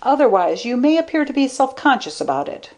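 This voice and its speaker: A woman voicing a shrewd, thoughtful man who speaks in a calm, measured way. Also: high voice, voice pushed up.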